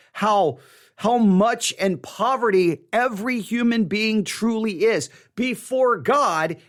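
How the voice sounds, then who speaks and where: Earnest male Bible study teacher, high and very animated voice, stumbles and restarts, repeats for emphasis.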